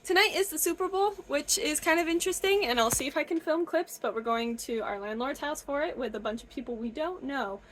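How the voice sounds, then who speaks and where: High-pitched chatty woman vlogger. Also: fairly quick, hardly any pauses, a little hiss or hum. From Michigan, USA. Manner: chatty, gushing and excitable. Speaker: book vlogger. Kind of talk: casual reading vlog chat. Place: camper.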